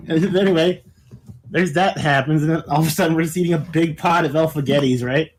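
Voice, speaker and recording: A man's voice: a little high, fast, a little hiss or hum. A man in casual podcast chat, animatedly telling a story, laughing often and swearing a lot. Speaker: podcast co-host.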